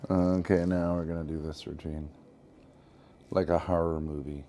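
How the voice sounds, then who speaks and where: A man's voice: low-pitched, little pitch movement, moderate pace, dark tone, a little hiss or hum. A man streaming live, bickering in a grumpy, sarcastic, bossy way. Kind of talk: bickering livestream chat.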